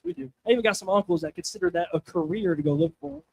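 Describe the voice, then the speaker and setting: A man's voice: sits high, sing-song, very fast, vocal fry, darkish tone, muffled recording, a little hiss or hum. A young man doing a crude, self-mocking stand-up set on a comedy showcase stage, talking casually with the crowd.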